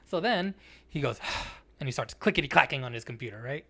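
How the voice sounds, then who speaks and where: A man's voice: mid-range voice, fairly quick, creaky, breathy edge. A man co-hosting a podcast, telling a story in casual, profane chat and acting out the other people's lines. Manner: profane, animated storytelling, acts out quotes. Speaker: podcast co-host.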